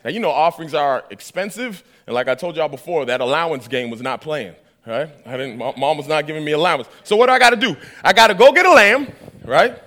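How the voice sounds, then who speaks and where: A man's voice: fairly high pitch, expressive, quick pace, fairly bright tone. A man preaching a sermon, telling a story with acted-out dialogue and asking the audience questions.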